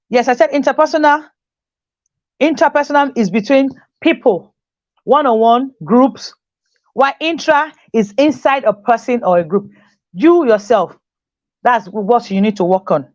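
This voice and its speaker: A fairly high-voiced woman teacher gives a motivational talk, pressing her points home by saying them twice. The recording is dry and dull, with a muffled lo-fi sound. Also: darkish tone, no echo. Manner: repeats key phrases for emphasis, acts out quoted voices.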